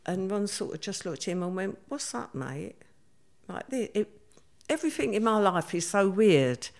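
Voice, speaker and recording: A woman's voice: medium pitch, expressive, moderate pace, darkish tone. An older woman, telling her story as an interview guest in a plain-spoken way and acting out what people said. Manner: plain-spoken, acts out quoted dialogue.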